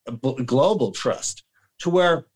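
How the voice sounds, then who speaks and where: A man talking as a guest on a casual podcast, rambling and animated, restarting sentences and clearing his throat. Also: mid-range voice, slow, low-quality recording.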